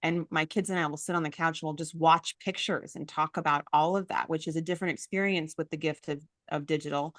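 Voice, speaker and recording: A woman in her forties hosts an interview in a slightly low voice, recorded close and dry. She gushes and cuts in often with her own stories. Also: fairly even intonation, fairly bright tone, no room sound. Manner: emotional, gushing, quick to interject. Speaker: summit host. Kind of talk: casual interview chat.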